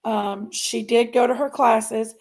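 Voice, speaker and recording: A woman's voice: fairly high pitch, fairly even intonation, slow pace, darkish tone. A woman, hosting a casual true crime talk stream and chatting straight to her viewers, often trailing off and repeating herself. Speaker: true crime channel host. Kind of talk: casual livestream commentary.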